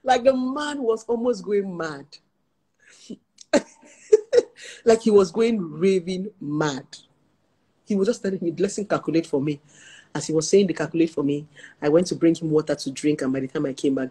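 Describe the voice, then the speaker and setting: A woman's voice: low-pitched, normal speed, long pauses, mellow, husky. A young Nigerian woman, a relationship therapist, telling stories in casual talk, laughing often and slipping into pidgin.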